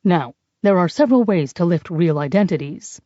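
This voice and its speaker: A woman voicing a brisk, condescending man in an audiobook who talks over others. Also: lowish voice, animated, warm tone, no room sound, dull audio, lightly acted. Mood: dry, condescending. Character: sharp-witted brisk man, a forger. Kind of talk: audiobook character voice.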